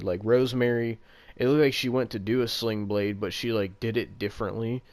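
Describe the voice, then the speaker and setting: A man co-hosting a casual podcast, his voice sitting at an ordinary male pitch. He rants in exasperation and swears freely as he picks apart the match. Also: steady tone, normal speed, darkish tone. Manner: exasperated, profane wrestling rant. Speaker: podcast co-host. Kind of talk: casual chat.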